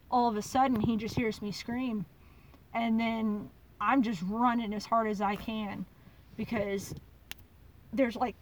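A woman's voice: on the high side, recorded from a distance, slight background noise, rough recording. Chatty woman telling a story. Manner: animated, chatty, lots of "like". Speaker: podcast host. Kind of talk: casual storytelling.

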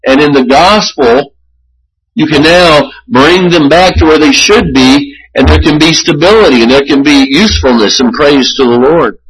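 A man preaching a sermon as pastor, earnest and measured, often restarting his phrases. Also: fairly high pitch, a bit bright, slightly rough, poor audio.

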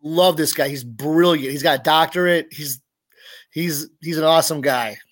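A man's voice: a little high, normal speed, a bit bright, no echo. A man chatting casually as a podcast guest, rambling with restarts and asides. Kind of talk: casual chat.

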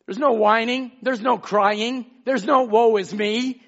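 A man preaching a sermon as pastor, swinging between emphatic shouts and hushed asides and calling out listeners by name. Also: very high-pitched, steady tone, unhurried, gravelly. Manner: calls out congregation members by name. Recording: dull lo-fi sermon recording.

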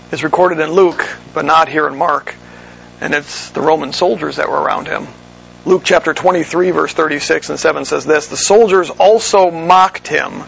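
A man with a fairly high, gravelly voice preaching verse by verse. His tone is husky and he teaches at a measured pace, sometimes stopping to correct himself. The recording sounds dull and lo-fi. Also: fairly bright tone. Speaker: pastor. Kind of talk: expository sermon.

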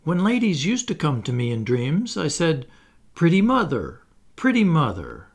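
A frightened storybook boy, as a man reads him, lifts his voice high and shaky. The lines swing in pitch and come out breathy. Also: huge pitch swings, normal speed, full character voice. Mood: proud then afraid. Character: proud then frightened boy Toodles.

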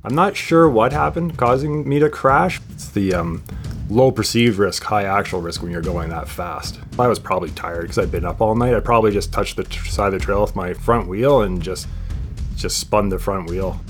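A man's voice: fairly low pitch, normal speed, soft background music. A man speaking in a matter-of-fact, understated way in a casual interview.

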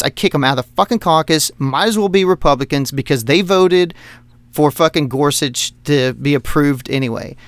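A man with a somewhat high voice rants about politics and drops swear words into almost every sentence, breaking into short laughs as he goes. He is recorded close and dry, with no room sound. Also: fairly bright tone, dry recording. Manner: heated, swears constantly, laughs between points. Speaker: podcast co-host. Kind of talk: profane political rant.

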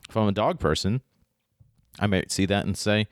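A man with a very deep voice talks through a writing lesson in a relaxed, chatty way, stopping often to ask "right?" The sound is dry and close, with no room echo at all. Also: normal speed, long pauses, clean tone. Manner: conversational, frequent "right?" and restarts. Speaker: writing teacher. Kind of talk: casual spoken lesson.

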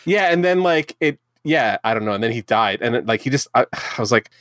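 Fast-talking man in casual chat. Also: mid-range voice, expressive, a bit bright, a little hiss or hum. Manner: joking, rambling, trails off. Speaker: podcast co-host.

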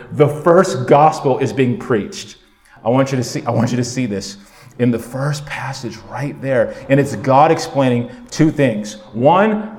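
Pastor guy preaching, chatty and animated, mid pitch, church echo all around. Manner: animated preaching, conversational asides. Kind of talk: sermon. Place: church sanctuary. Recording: roomy echo.

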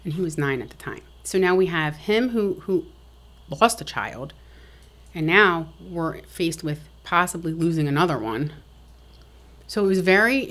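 Low-voiced, matter-of-fact woman guest. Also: a bit bright. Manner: frank, matter-of-fact storytelling. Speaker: podcast guest. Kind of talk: casual interview talk.

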